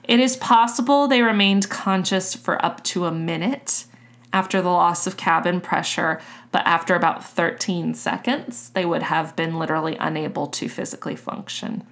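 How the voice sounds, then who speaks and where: A woman hosting a podcast, recounting a story in a relaxed, chatty way and swearing casually. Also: lowish voice, normal speed. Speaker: podcast host.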